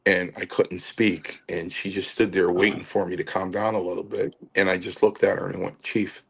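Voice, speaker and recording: An older man, a former wrestler and a podcast guest, telling stories in a halting way with many fillers and restarts. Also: deep voice, little pitch movement, gravelly, slightly rough. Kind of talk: podcast interview storytelling.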